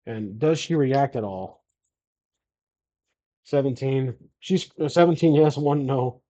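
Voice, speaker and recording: A man's voice: mid-range voice, takes it slowly, warm tone. Hesitant man narrating a solo tabletop game. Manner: hesitant, filler-heavy, self-correcting.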